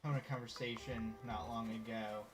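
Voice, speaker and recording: A man's voice: on the low side, steady tone, a little fast. A man from the Southern United States with a light Southern twang, chatting casually on a game stream, rambling with fillers and restarts and sometimes dropping to a whisper. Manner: rambling, with frequent fillers and restarts, drops to a whisper when musing. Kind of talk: casual gameplay stream chat. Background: game music.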